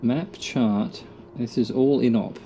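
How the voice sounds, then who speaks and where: A man's voice: medium pitch, slow pace, warm tone, a little hiss or hum. A middle-aged Australian man giving casual gameplay commentary, muttering to himself with dry, self-mocking jokes. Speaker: gamer.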